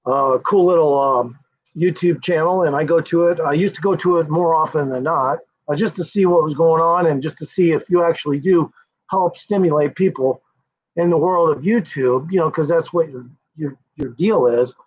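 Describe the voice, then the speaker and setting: A slightly rough, somewhat high male voice at a moderate pace belongs to an American livestream host. He rambles, swears and laughs under his breath often as he chats with viewers, and the audio is dull and lo-fi.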